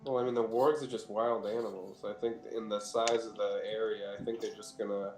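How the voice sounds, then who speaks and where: A man talking through plans for a tabletop game, casual and lively. His voice echoes around the room, and soft music plays behind him. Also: on the low side, fairly quick. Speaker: player. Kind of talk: casual tabletop play chat.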